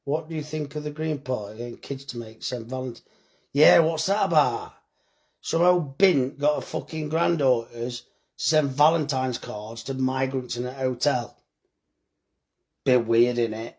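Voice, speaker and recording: Gravelly man, tired banter. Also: medium pitch, a little slow, darkish tone. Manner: blunt, swearing, joking banter. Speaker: butcher and shop owner doing a live stream. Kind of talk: casual live-stream chat reading comments.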